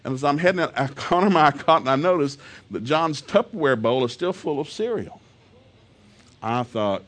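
An older man, preaching and telling a humorous family story in a folksy way that swings from low asides to loud outbursts. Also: lively intonation, quick pace.

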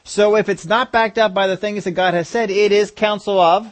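A man's voice: sits high, steady tone, moderate pace. A man preaching a sermon, asking the congregation rhetorical questions and driving his points home with emphasis.

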